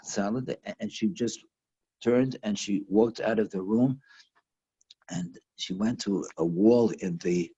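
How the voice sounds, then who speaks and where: A man teaching a lesson over a video call, telling a story in a halting way with lots of restarts and fillers. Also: on the low side, warm tone, slightly rough, dull audio. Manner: halting, repeats words, many fillers.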